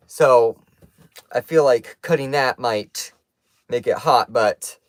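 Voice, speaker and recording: A man from Kansas, United States, with a medium-pitched, slightly bright voice chats casually with his livestream viewers, answering a live chat. Playful and teasing, he uses lots of fillers, recorded with a dry, clean studio sound in an indoor room with stuffed animals.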